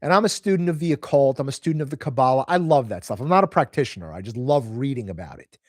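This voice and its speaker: A man's voice: mid-range voice, lively intonation, fast, dry recording, clean studio sound. A man hosting a casual live stream from home, telling rambling stories and reading out viewer comments. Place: home, moving house.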